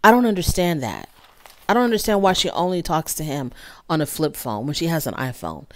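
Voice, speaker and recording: Woman doing a laid-back tv recap, lowish voice, acts out the quotes. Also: very animated, fairly quick. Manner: chatty, acts out quotes with pitch jumps. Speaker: TV recap host. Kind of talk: casual episode recap.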